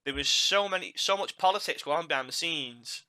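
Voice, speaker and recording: A podcast host with a fairly high, pushed and bright voice talks briskly, chatting casually and animatedly. He laughs at his own mishaps and repeats words as he goes.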